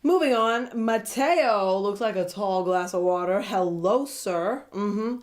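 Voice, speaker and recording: A woman's voice: medium pitch, slow pace. Giggly, gossipy woman recapping TV. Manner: animated, giggly, gossipy, often laughing. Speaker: reality show recap vlogger. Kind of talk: casual chatty TV recap.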